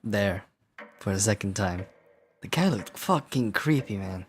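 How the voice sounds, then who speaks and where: A man's voice: on the low side, lively intonation, measured pace, slight background noise. A man playing a video game, casually commenting and reading the game's text aloud, swearing often in a dry, sardonic way. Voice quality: profane, sardonic. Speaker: gameplay streamer.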